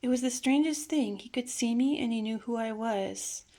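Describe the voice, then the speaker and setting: A woman telling a personal family memory in a reflective, hesitant way, sometimes dropping to a soft near-whisper. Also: a little high, moderate pace. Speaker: storyteller.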